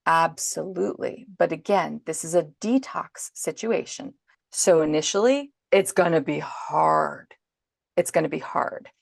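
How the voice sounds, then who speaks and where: A woman guest on a podcast, calmly and patiently explaining parenting advice in an instructive way. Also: sits low, measured pace, gravelly, no room sound, studio quality.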